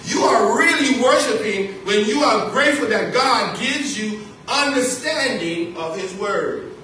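A man's voice: extremely high pitch, animated, unhurried, pushed and bright. A man preaching a sermon from the pulpit as pastor, repeating key phrases and calling out to his congregation. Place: church sanctuary. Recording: echoey church hall, distant mic, faint noise.

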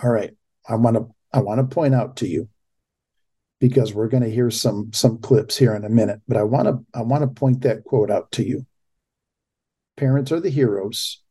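Male host, political commentary, emphatic, warm dark tone, raspy edge. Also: medium pitch, moderate pace. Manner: impassioned, emphatic. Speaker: talk show host.

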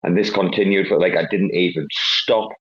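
A man's voice: deep voice, steady tone, moderate pace, breathy edge. A man hosting a casual online chat, rambling and swearing through banter. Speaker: host. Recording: dull lo-fi online audio.

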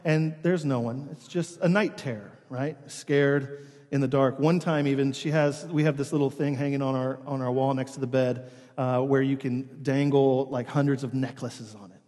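A man's voice: medium pitch, normal speed. Man preaching in a reverberant church. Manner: conversational storytelling with animated imitations. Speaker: pastor. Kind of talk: sermon. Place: church sanctuary. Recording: long hall reverb.

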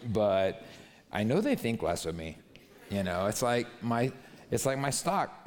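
A man preaching a sermon in a chatty, storytelling way, often dropping his voice low and soft for quoted lines. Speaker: pastor. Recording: hall reverb.

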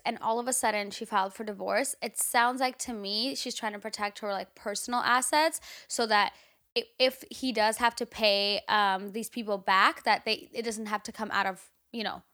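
Young woman, slightly high voice, chatty, casual swearing, podcast co-host. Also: bright, forceful tone. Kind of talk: casual chat.

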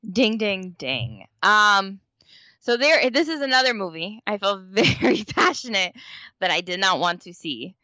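A woman co-hosting a casual chat, telling stories in an animated way with lots of "like"s. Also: medium pitch, moderate pace, no echo, lo-fi sound. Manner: animated, storytelling with many "like"s. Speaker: podcast co-host. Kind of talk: casual conversation.

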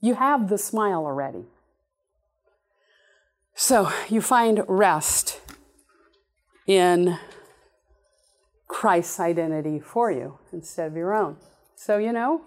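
A woman preaching a sermon in an animated, playful way, with sudden high exclamations. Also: slow, long pauses. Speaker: speaker giving a talk.

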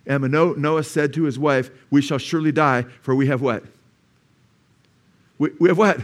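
Male pastor, higher-pitched, emphatic church sermon with rhetorical questions. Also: steady tone, normal speed.

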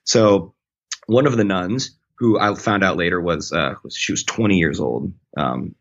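A man telling a personal story in casual chat. He talks in a rambling, self-correcting way and gets animated when he quotes people. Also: low voice, a little slow, creaky, lo-fi sound. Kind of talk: casual anecdote.

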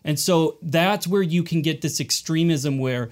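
A man teaching in a relaxed panel talk, explaining patiently and often restarting his words. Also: on the high side, measured pace. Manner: explanatory, repeats words at starts. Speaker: sermon series teacher.

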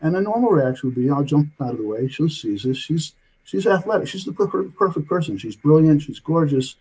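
A man's voice: a little high, animated, a little fast, warm tone, breathy edge, low-quality recording. An older man telling a long story as an interview guest, rambling and tagging his sentences with "okay?". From United States.

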